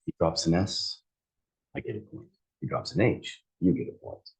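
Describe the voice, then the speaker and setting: A man playing a gruff male interviewer with a low, raspy voice. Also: expressive, normal speed, exaggerated voice, rough recording.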